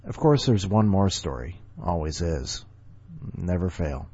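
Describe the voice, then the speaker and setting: A man's voice: low-pitched, expressive, unhurried, warm tone, slight background noise. A man hosting a story podcast, reading stories aloud and rambling jokingly between them. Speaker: podcast host. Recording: dull lo-fi recording with faint music.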